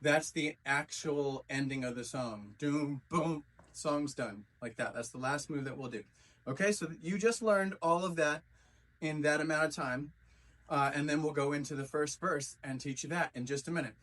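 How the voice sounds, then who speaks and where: Guy teaching dance moves, counting beats out loud, slightly high voice, sounds a bit far from the mic. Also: normal speed. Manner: counts and sings out beats while demonstrating moves. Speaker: dance instructor. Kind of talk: step-by-step dance tutorial. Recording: voice from a distance from the mic.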